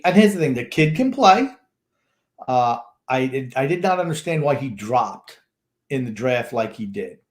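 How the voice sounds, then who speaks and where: A man co-hosting a sports podcast, giving blunt, opinionated takes in casual chat. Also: mid-range voice. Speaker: podcast co-host.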